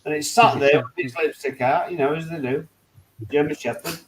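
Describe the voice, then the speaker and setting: Brief: British man, high voice, animated joking storyteller, casual banter. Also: normal speed, slight background noise, low-quality recording. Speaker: hangout participant. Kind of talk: casual chat.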